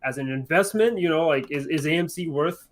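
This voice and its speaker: A man's voice: fairly high pitch, a little fast. A man in casual market chat who keeps tagging "right?" and "you know" onto his sentences.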